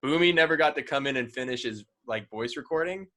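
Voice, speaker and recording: Podcast co-host, male, bright and forceful tone, loose profane storyteller. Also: medium pitch, quick pace. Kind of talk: casual podcast chat.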